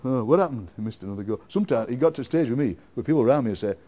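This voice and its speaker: A middle-aged Yorkshire man talks at an easy, rambling pace in a relaxed interview. His tone is mellow and dark, and he laughs readily as he spins playful ideas. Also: medium pitch, very fast. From England. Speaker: guest poet. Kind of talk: casual interview chat.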